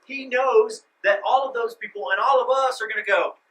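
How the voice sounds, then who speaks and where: Pastor, male, dynamic sermon delivery with loud emphasis and hushed asides, high voice, mic at a distance. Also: normal speed. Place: church sanctuary.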